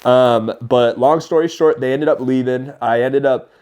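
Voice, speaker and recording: A man in his thirties telling stories as a podcast guest, animated and often laughing as he talks. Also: medium pitch, normal speed, clean tone. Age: 30s. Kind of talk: casual storytelling.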